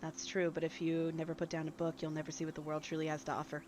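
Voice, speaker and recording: A game master narrating a tabletop game, halting often with fillers and restarts. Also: mid-range voice, completely flat delivery, background noise. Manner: hesitant narration with many fillers.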